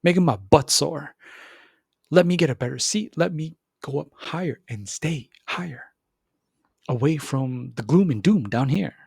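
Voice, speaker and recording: A man hosting a podcast, giving an animated motivational monologue, repeating words and acting out other voices. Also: measured pace, gravelly, breathy edge, no room sound, studio quality. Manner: animated, repeats words, acts out voices with big pitch jumps. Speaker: podcast host.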